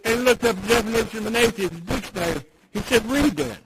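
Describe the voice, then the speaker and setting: Guy speaking at a recovery meeting, kinda high voice, tells it dramatic, goes real quiet then loud. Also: quick pace, background noise. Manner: dramatic storyteller, sinks to near-whispers then builds loud. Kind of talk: personal storytelling speech. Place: meeting room with audience.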